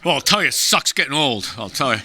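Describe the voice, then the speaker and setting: A man performing a stand-up comedy set as guest comedian, gruff and wisecracking, slipping into voices. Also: mid-range voice, sing-song, fast, sharp tone. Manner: gruff, wisecracking storyteller who slips into voices. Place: small live venue.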